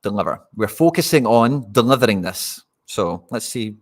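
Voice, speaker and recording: A man's voice: mid-range voice, animated, moderate pace. A Scottish man hosting a live fantasy football stream, chatting casually and talking straight to his viewers. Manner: chatty, addresses viewers directly.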